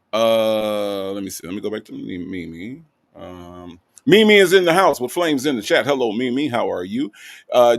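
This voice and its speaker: A man's voice: lowish voice, no room sound. A man hosting a casual livestream, reading out viewer comments and greeting each one by name. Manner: animated, greets chat with repeated hellos. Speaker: livestream host.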